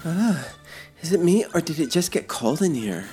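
A woman's voice: deep voice, very animated, moderate pace, warm tone, faint music behind. An actress playing a whiny young woman student who complains while writing her thesis.

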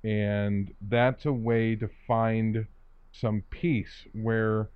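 A man in a casual discussion, talking in a reflective, measured way and often restarting his phrases. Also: fairly low pitch, flat delivery, clean tone, dry recording. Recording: dull dry lo-fi sound.

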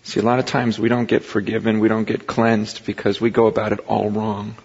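A pastor giving a sermon in a conversational preaching style that rises into impassioned emphasis, recorded in a large hall. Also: male voice, fairly low pitch, little pitch movement, a little fast, darkish tone, slightly rough. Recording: muffled recording with long hall reverb.

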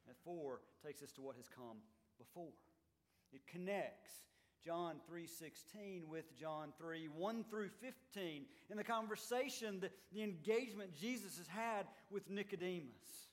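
A man preaching a sermon as pastor, swinging between loud emphatic lines and quiet, low ones. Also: expressive, measured pace. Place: church sanctuary.

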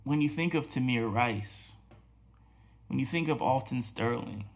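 A man's voice: mid-range voice, unhurried, gravelly. A man hosting a podcast, talking earnestly and challenging listeners with repeated rhetorical questions, with restarts and short laughs. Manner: many restarts and hesitations, soft laughs. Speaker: podcast host. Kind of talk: reflective spoken commentary.

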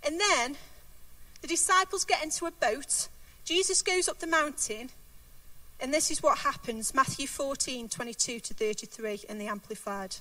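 A woman's voice: high voice, normal speed, bright, forceful tone, no echo, far from the mic. A woman giving an earnest sermon, reading scripture aloud and repeating key words for emphasis. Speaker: preacher.

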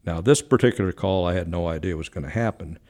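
A very deep-voiced older man recounts memories in an interview. He talks in a chatty, meandering way, restarting phrases and dropping in fillers. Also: quick pace, a little mellow. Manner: chatty, frequent self-corrections and fillers. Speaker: former White House switchboard operator. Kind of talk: anecdotal storytelling in an interview.

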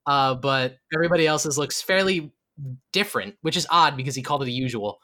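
A man narrating as game master in a tabletop game. He has a fairly high, bright, forceful voice and a loose, chuckling delivery full of fillers. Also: fairly quick.

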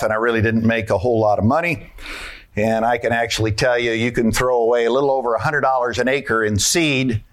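A man's voice: medium pitch, a bit bright. A man giving a folksy conference talk on farming, asking the audience questions and walking through his slides.

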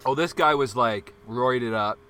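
A young man in casual chat, swearing freely as he tells a rowdy story and loudly acts out the arguments in it. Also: mid-range voice, unhurried, slight background noise. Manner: acts out quarrels in a loud shouting voice.

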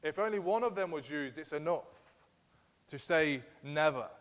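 An earnest male preacher delivers a sermon with emphatic conviction, his voice sitting a little higher than most men's. A long reverb trails each phrase, as if he speaks in a large church hall. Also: lively intonation, moderate pace, a bit bright.

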